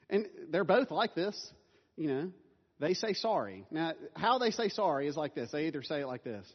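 Conversational pastor in a reverberant hall. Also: male voice, a little high, expressive, moderate pace. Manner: conversational, self-deprecating, laughs often. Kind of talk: sermon. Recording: dull sound with long hall reverb.

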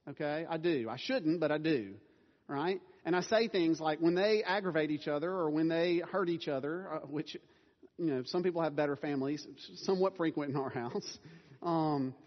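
A man's voice: fairly high pitch, animated, moderate pace. Man, pastor, sermon, chatty and self-deprecating, muffled recording with long reverb. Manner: conversational, self-deprecating, laughs often. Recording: dull sound with long hall reverb.

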